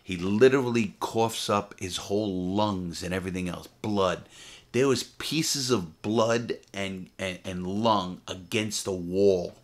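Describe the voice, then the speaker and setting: A man's voice: sits low, slow. A middle-aged man, a former prisoner, telling his story in a blunt, profane, emphatic way, repeating phrases for weight. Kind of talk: casual storytelling monologue.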